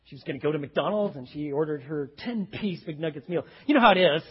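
A man's voice: fairly high pitch, fairly quick, husky, big-room sound, lo-fi sound. A man preaching a sermon, telling stories and acting out the voices of the people in them. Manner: animated storytelling, acts out quoted voices. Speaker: pastor.

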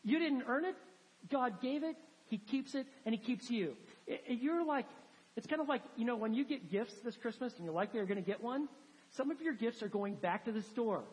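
A woman's voice: fairly high pitch, animated, fairly quick, a little mellow. A woman preaching a sermon in a church, conversational and emphatic with many fillers. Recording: long hall reverb.

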